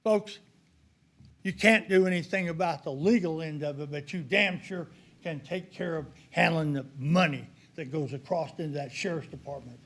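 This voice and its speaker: An older man giving a heated, accusatory public comment at a county commissioners' meeting. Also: fairly high pitch.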